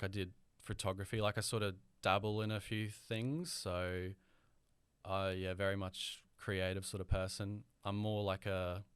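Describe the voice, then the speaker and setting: Young Australian male guest, smooth resonant voice, hesitant casual talker. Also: deep voice, dry recording. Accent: mild Australian. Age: young adult. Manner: hesitant, filler-heavy, rambling. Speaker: guest audio engineer. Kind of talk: casual podcast interview.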